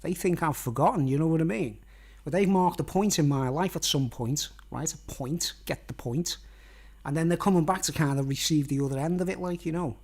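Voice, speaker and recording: A middle-aged man with a slightly higher than usual voice, rambling to camera as a vlogger. He wanders from point to point, restarts his phrases and keeps checking in with the viewer. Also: fairly quick, a little mellow, husky. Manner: meandering, repeats "you know what I mean", restarts phrases.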